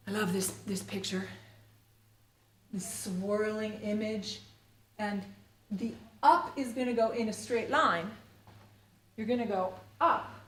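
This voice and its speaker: A middle-aged woman teaching the Alexander Technique in a live workshop, talking in a rambling, playful way full of fillers. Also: medium pitch. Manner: rambling, playful and chatty, full of "you know" and "like". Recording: roomy echo with faint ambient noise.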